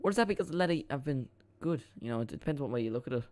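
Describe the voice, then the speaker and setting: A man's voice: medium pitch, lively intonation, rapid-fire, a little mellow. A man hosting a live football watchalong stream, chatting casually and rambling as he reacts to the chat and the match.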